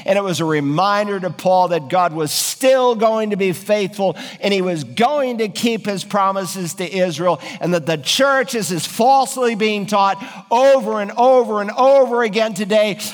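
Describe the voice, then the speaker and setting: A man's voice: sits high, big-room sound. A man preaching an earnest, emphatic sermon, acting out biblical quotes with dramatic feeling. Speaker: pastor.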